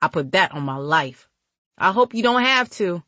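A woman's voice: fairly low pitch, lively intonation, normal speed, sharp tone, no room sound. A woman reading the part of a blunt older brother who lectures in street slang. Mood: firm. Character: calm older brother, loyal to family.

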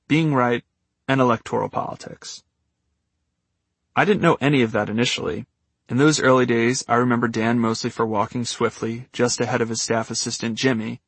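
A man's voice: medium pitch, creaky, a bit bright, breathy edge, dry recording. A man narrating his own memoir as an audiobook, in a wry, dryly humorous manner.

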